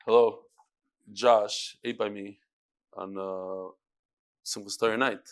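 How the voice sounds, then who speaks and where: A man teaching a daily Talmud class, mixing quick readings of the text with joking asides. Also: fairly low pitch, steady tone.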